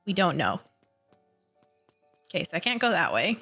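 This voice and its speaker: A woman's voice: lowish voice, sing-song, moderate pace, sharp tone, husky, faint music behind. Brief: chatty, giggly woman streamer, casual let's-play talk. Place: home streaming setup.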